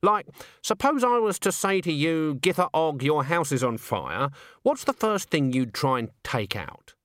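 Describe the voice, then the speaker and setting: A man's voice: a little high, sing-song, unhurried, a bit bright, no room sound, studio quality, pitched above the performer's own voice. Granny Weatherwax, a blunt stern old witch, as a man puts her on. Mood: stern, probing. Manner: blunt, probing.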